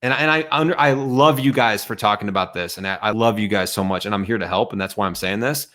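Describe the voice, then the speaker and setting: A man's voice: on the low side, fast, a bit bright. Blunt, fired-up man on a video call. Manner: blunt, emphatic, calls out excuses. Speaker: guest. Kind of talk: fired-up motivational talk.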